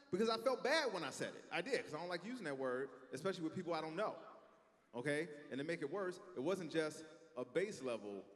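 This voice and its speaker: A man in his thirties doing a stand-up set on a stage, telling stories in a conversational, animated way. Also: on the high side. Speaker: stand-up comedian. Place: stage in a large hall. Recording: echoey hall, faint ambience.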